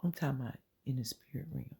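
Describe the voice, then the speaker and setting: Super husky gravelly voice, earnest preachy faith talk, repeats itself, slips into whispers. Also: mid-range voice, fast talker, mellow. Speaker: channel host sharing faith encouragement. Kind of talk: informal inspirational faith talk.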